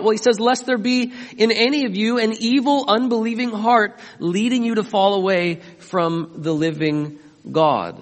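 A man's voice: high-pitched, fairly even intonation, normal speed, long reverb tail. A man preaching a sermon as pastor, emphatic and often asking his listeners questions. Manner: emphatic, asks the congregation questions.

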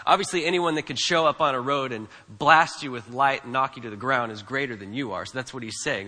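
Speaking quickly and barely pausing, a pastor drives his sermon home with emphatic repetition and questions aimed at the congregation. His mid-range voice is pushed and bright, and the sound carries the space of a large hall.

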